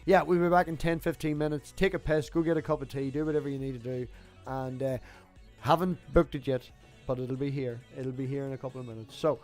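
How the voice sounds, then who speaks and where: A man's voice: mid-range voice, level tone, brisk, darkish tone, faint music behind. A man hosting a casual online chat show, blunt and chatty with casual swearing. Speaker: podcast host.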